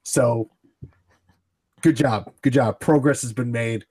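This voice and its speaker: A man's voice: mid-range voice, takes it slowly, darkish tone, husky. A man hosting a casual comedy podcast, playful and mock-formal, often stumbling and restarting his sentences. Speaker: podcast host.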